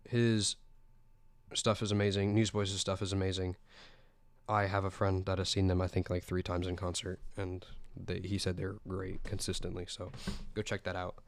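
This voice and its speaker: A man's voice: low voice, dry recording. A teenage boy from South Carolina hosting a casual music roundup podcast, chatty and rambling with easy enthusiasm. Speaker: podcast host.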